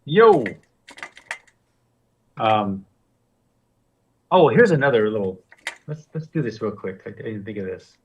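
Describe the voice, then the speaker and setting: A man's voice: lowish voice, lively intonation, moderate pace, long pauses, husky, distant mic, muffled recording. A man teaching a live painting demonstration, talking loosely and joking while he works. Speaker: guest painting instructor.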